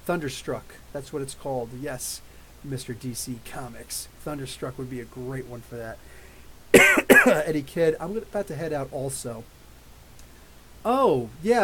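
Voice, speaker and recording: A man in his thirties hosting a live podcast, reading viewer questions and telling rambling, animated stories. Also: medium pitch, poor audio. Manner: rambling, animated storytelling with laughs. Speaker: podcast host. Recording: faint hiss.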